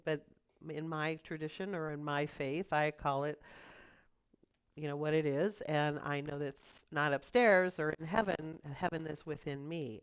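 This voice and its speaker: A middle-aged woman minister giving a chatty, storytelling sermon with quick asides. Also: sits low, clean tone. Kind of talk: conversational sermon.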